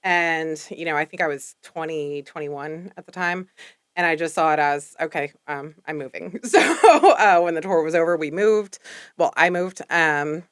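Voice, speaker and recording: A woman's voice: low voice, animated, unhurried, clear, resonant tone, no room sound, clean studio sound. A woman from Texas in her thirties with a mixed Texas and East Coast accent, chatting as a podcast guest and rambling with many fillers. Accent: mixed Texas and East Coast American. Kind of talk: casual interview chat.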